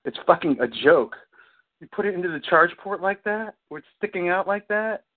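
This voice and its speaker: A male podcast host with a high, animated voice talks at normal speed in a rambling, casual chat. Swearing is constant, he often says "you know what I mean," and the recording has a tinny, phone-like quality.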